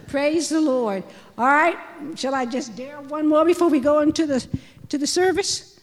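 High-voiced woman calling out praise. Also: moderate pace, a little hiss or hum. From Florida, USA. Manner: exuberant, calling out praise and hallelujahs. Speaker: prayer meeting leader. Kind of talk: leading a church testimony meeting. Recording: long reverb of a church hall.

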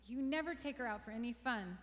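A woman's voice: on the high side, lively intonation, brisk, fairly bright tone. A woman voicing a bossy older sister, a girl who taunts and mocks. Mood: taunting. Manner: taunting and mocking. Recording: long reverberant room echo.

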